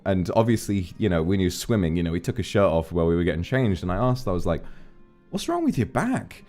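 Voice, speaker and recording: Low-voiced man rambling through stories. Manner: rambling, profane, animated anecdotes. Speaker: streamer. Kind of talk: casual storytelling chat. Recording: faint background music.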